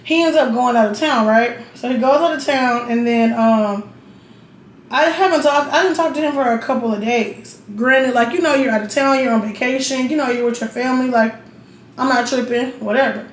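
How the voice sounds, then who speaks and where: A young woman talks straight to camera, blunt and profane and full of asides to the viewer. Her voice sits a little high. The room adds a roomy echo over a faint hiss of noise. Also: moderate pace. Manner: blunt, profane, chatty, keeps checking in with the viewer. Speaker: vlogger. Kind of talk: casual storytelling while getting ready.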